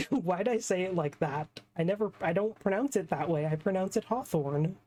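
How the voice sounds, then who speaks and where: A woman's voice: fairly low pitch, animated, normal speed, warm tone, slight background noise. A woman streaming a game playthrough live, chatty and laughing at her own slips. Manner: chatty, laughs at herself, self-deprecating. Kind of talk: live game playthrough, reading dialogue aloud.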